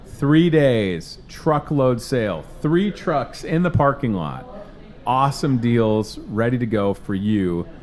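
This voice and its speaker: Energetic man hyping store deals. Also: medium pitch. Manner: energetic, salesy, chatty. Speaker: store promotions host. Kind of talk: upbeat in-store promo chat. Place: supermarket.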